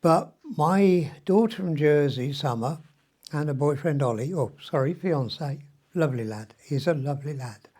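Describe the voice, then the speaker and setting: A man's voice: on the high side, normal speed, darkish tone. A man, rambling through a personal video diary with mild swearing and frequent ums, sounding weak and short of breath from illness. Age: 70s. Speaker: vlogger.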